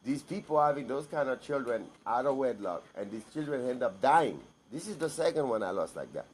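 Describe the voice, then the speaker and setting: A man's voice: mid-range voice, lively intonation, fairly quick, a little hiss or hum. A man giving a blunt, emphatic personal monologue to camera, repeating himself for stress.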